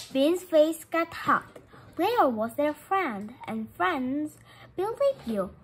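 A woman reads a children's story aloud, her high voice bouncing up and down with lots of expression. She takes it slowly and carefully, with a bright, clear tone. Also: a little hiss or hum. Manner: lively, expressive read-aloud with small slips. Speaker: storybook reader. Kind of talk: reading a children's chapter book aloud.

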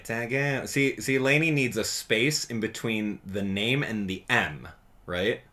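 A man giving casual gameplay commentary as a channel host, chatty and excitable, thinking out loud as he plays. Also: lowish voice, unhurried.

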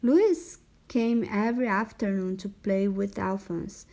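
A woman reading a children's picture book aloud in a measured storytelling way. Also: mid-range voice, warm tone. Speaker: narrator.

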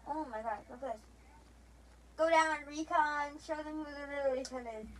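A young woman with a high voice chats casually with a friend over a game, rambling and restarting her sentences as she goes. Her tone is playful and teasing. A faint hum of room ambience sits behind her. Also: quick pace, a little mellow, rough recording. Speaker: gamer. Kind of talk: casual chat while gaming.

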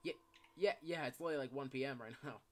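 A man's voice: medium pitch, fast. A young man chatting casually while playing a game, rambling with lots of "yeah" and "like" fillers. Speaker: gameplay commentator. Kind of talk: casual gaming chat.

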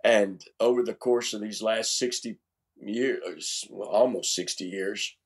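A man's voice: fairly low pitch, a little slow. A man in his seventies, a pastor and seminary chancellor, talking animatedly in an interview and stressing words as he tells stories. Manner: animated, emphatic storyteller who repeats words. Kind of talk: conversational interview.

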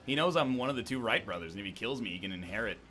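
A man hosting a casual chat while gaming, with quick joking banter. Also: fairly low pitch, lively intonation, bright, forceful tone, slight background noise. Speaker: host.

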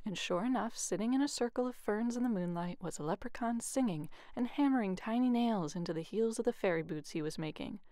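Woman, bedtime storyteller, expressive with hushed stretches, dry sound. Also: mid-range voice, fairly quick, hardly any pauses, no echo. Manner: expressive, often hushed narration. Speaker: youth ministry coordinator.

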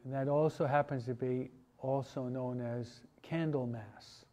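A man, a priest, teaching a parish catechesis class in a relaxed, conversational way, asking his listeners questions. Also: mid-range voice, unhurried. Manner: conversational, asks the audience questions, many restarts and asides. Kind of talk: informal parish teaching talk.

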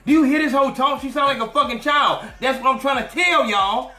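Male podcast host, animated and profane, mocking tone, high voice, roomy echo. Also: brisk, soft background music. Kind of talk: profane commentary rant.

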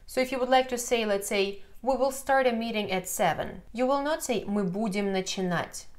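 A woman's voice: a little high, normal speed. A woman with a Russian accent, a native Russian speaker, explaining grammar patiently in an online lesson and often checking in with the learner. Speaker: language teacher.

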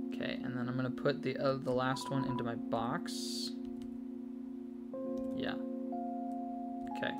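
A woman casually commenting as she plays a video game, muttering to herself. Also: extremely low pitch. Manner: slow, muttering to herself while playing. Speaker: let's play host.

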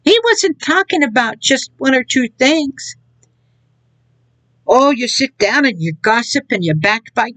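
This woman's voice sits high, a bit bright and expressive, and she speaks a little slowly. She's preaching a casual sermon to an online audience, mocking her subject, laughing at it and scornfully mimicking other people's words. There's no room sound, and the recording is low quality.

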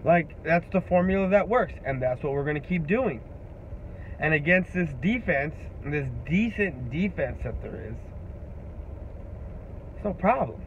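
A man's voice: a little high, lively intonation, measured pace, pauses often. A young man ranting to camera as a sports fan vlogger, profane and trash-talking. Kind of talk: heated sports rant to camera. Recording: dull lo-fi audio with faint background noise.

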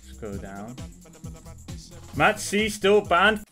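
A man's voice: high-pitched, very animated, extremely slow, music in the background. Angry swearing young man reacting. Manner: angry, exasperated, heavy swearing. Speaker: card game content creator. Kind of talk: live reaction vlog.

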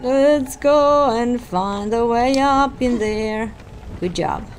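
A woman's voice: a little high, slow pace. Jumpy woman gaming streamer. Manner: jumpy, excitable, gasping and exclaiming. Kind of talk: let's-play commentary. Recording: game audio and music mixed in.

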